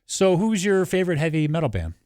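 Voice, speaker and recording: A man hosting a radio interview, asking short, relaxed questions. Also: fairly high pitch, fast talker, no room sound, clean studio sound. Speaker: radio host. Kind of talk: casual interview.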